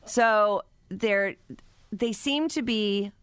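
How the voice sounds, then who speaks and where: A radio show co-host in casual chat, telling anecdotes in an animated way and laughing along the way. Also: mid-range voice, drawn-out words, smooth, no room sound.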